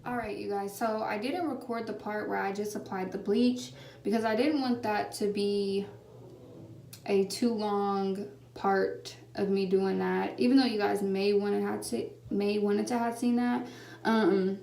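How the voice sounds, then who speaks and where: A woman's voice: mid-range voice, fairly even intonation, unhurried, creaky, warm tone. A young woman, chatting casually through a hair tutorial, rambling with lots of fillers and restarts, filmed on a phone at home. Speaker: hair vlogger. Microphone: phone camera. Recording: roomy, slightly distant phone recording with faint background hum.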